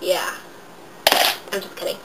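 A woman's voice: a little slow, heavy background noise. A young woman vlogging a casual makeup tutorial, talking in a chatty, rambling way with lots of fillers, her voice nasal and stuffy from a cold. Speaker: beauty vlogger.

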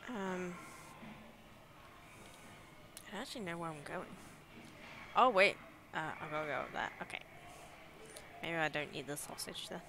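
A woman's voice: lowish voice, lively intonation, a little slow, long pauses, background noise. A young woman with an English Midlands accent chatting casually and giggling as she streams a game. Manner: chatty, giggly, reacts aloud to scares. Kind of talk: casual live gameplay commentary.

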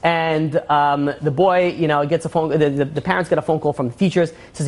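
Fast-talking rabbi telling parables. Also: male voice, fairly high pitch, fairly even intonation. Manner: rambling storyteller, many fillers, acts out quotes. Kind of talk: informal Torah class.

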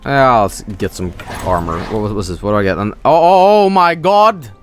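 A man's voice: on the low side, moderate pace, faint music behind. A man from Sweden, casually commentating a video game, joking, swearing and putting on silly voices. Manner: jokey, profane, animated, puts on silly voices. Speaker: streamer.

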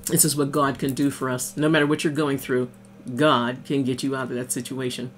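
A woman's voice: extremely low pitch, little pitch movement, brisk, slight background noise. A woman minister giving a casual devotional sermon over morning coffee. She reads scripture aloud, explains it in plain conversational words, and often says amen and hallelujah.

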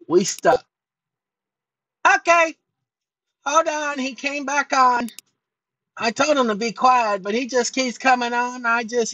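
This is a cranky, childish character with a high, bright voice, which a man puts on as his alter ego. He stammers, repeats himself and keeps bickering with someone off-mic. The sound is dry and close. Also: dry recording, heavily acted. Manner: excitable, stammering, talks back to an unseen helper. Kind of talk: comic put-on voice on a video channel.

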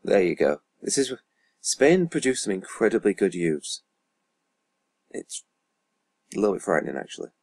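A YouTuber plays a football management game, his low, gravelly, darkish voice moving at a moderate pace with a sing-song lilt and frequent pauses. He rambles through casual commentary, reading out stats while swearing and muttering asides under his breath. There's no room sound.

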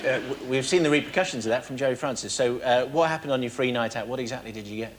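A man's voice: medium pitch, quick pace. An English man hosting a TV game show, questioning guests in a playful, mock-stern way. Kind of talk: teasing studio presenting. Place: TV studio with live audience. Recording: loud studio crowd and noise.

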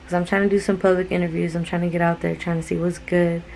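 A young woman from California with a Californian accent, chatting casually to her vlog camera in a relaxed, slangy way, full of "like". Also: on the low side, fast talker, creaky, a little hiss or hum, low-quality recording. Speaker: vlogger. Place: in a car, then a restaurant. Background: loud music.

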